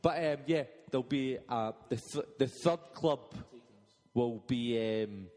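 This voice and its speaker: A man in a podcast's casual sports banter, talking haltingly with many restarts. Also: mid-range voice, darkish tone, long reverb tail. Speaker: podcast regular.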